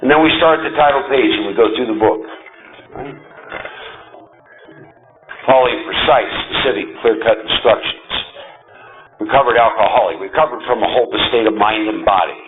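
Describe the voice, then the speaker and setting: A man giving a talk to a recovery group, emphatic and animated, often checking in with the audience. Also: fairly low pitch, moderate pace, pauses often, phone-quality sound, over music. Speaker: recovery meeting speaker.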